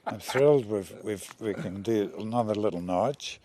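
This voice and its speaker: A man's voice: on the low side, noisy background. An older man and lead actor, chatting in an interview in a jokey, self-deprecating way. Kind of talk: casual interview chat.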